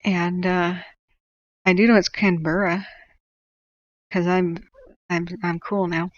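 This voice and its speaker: A woman's voice: fairly low pitch, little pitch movement, takes it slowly, dry recording, highs cut off. A woman from California hosting a wildfire-tracking livestream, chatting casually in a rambling way and laughing as she stumbles over place names.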